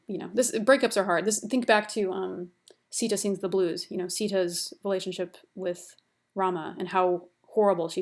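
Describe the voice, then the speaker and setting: In a recorded university lecture, a young woman with a lowish, slightly mellow voice discusses a classical epic. Her style is casual and chatty, paraphrasing with many fillers and restarts.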